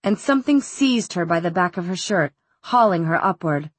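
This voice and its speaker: A woman narrating a young-adult fantasy novel in a steady, even storytelling manner. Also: lowish voice, normal speed, dry recording. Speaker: audiobook narrator. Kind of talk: scripted narration.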